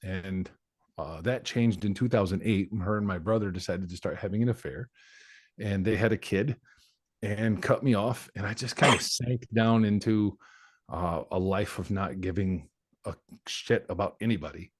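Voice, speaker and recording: Male podcast guest, 40s, deep-ish and dry, frank and reflective. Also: moderate pace, dry recording. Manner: candid, reflective storyteller. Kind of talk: personal life story in conversation.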